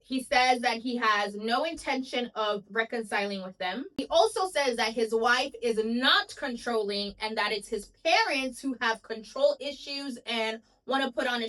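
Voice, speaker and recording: Woman host, fairly high voice, chatty gossip commentary, wry asides. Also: normal speed, few pauses, a bit bright, rough recording.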